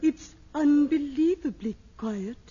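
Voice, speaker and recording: A wooden amateur actress delivers melodrama lines slowly and stiltedly. Her voice is fairly high yet mellow, rising and falling in a lively way, on a dull lo-fi old radio recording. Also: a little hiss or hum. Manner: stilted, wooden line reading. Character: stiff young female amateur actress reading a melodrama part. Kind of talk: 1960s radio sitcom acting.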